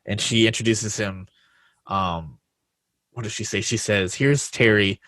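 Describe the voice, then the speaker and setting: A man co-hosting a casual podcast chat, wry, often dropping low and quiet when he sums things up. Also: fairly even intonation, unhurried, no room sound. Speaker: podcast co-host.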